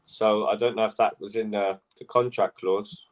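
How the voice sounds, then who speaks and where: A man's voice: fairly low pitch, fairly even intonation, normal speed. A man co-hosting a casual chat, rambling and often asking "do you know what I mean". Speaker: co-host.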